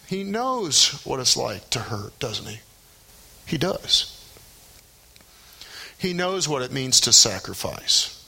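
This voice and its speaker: A man's voice: sits high, sharp tone. A middle-aged male pastor preaching a sermon in a conversational way, often checking in with rhetorical questions.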